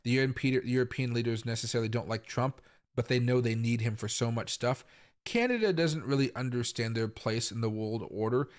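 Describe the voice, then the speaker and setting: A young adult man from the US Pacific Northwest hosts a live crypto market stream in casual, rambling commentary, full of fillers and repeats, with sudden loud outbursts. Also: mid-range voice, brisk. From Tacoma, Washington, US. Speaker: crypto market livestream host.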